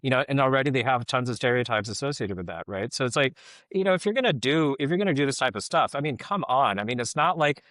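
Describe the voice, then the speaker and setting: A man's voice: mid-range voice, expressive, fast, a bit bright, dry recording, clean studio sound. A middle-aged man giving casual podcast commentary, rambling and filling his talk with "like, you know".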